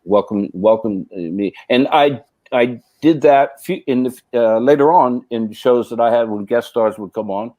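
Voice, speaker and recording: A middle-aged man, a podcast guest and actor, telling casual anecdotes in a rambling way, full of restarts and fillers, and turning animated when he acts out what others said. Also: mid-range voice, moderate pace, dry recording, rough recording. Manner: animated when acting out quoted speech.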